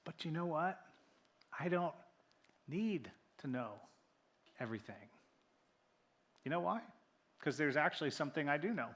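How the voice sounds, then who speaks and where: A man preaching a sermon in a church, animated, acting out quoted voices and dropping to near-whispers for emphasis. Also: on the high side, moderate pace. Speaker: pastor. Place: church sanctuary.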